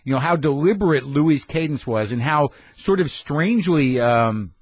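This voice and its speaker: A man's voice: on the high side, animated, moderate pace, no echo. Dry-sounding man musing in casual chat. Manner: reflective, swears casually. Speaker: podcast host. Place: garage studio.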